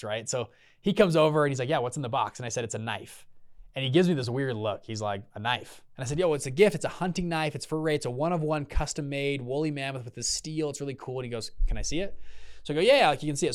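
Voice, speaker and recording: Young guy podcast host, talks quick, acts out everyone in his story. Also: mid-range voice, clear, resonant tone. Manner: animated, acts out quoted voices. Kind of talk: casual storytelling.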